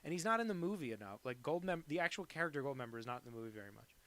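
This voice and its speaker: Racing through casual chatter, a male cartoonist draws on a live stream, rambling and cracking jokes with lots of swearing. His mid-range voice is expressive and a bit bright.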